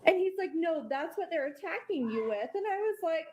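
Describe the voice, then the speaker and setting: A woman's voice: very high voice, expressive, fairly quick, darkish tone. A woman in her thirties in a private chat, upset and swearing as she repeats herself. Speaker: widow in a recorded private conversation. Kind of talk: casual heated chat.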